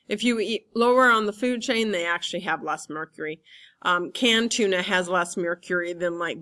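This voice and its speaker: A woman teacher giving a relaxed classroom lecture, chatty and full of fillers. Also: fairly low pitch.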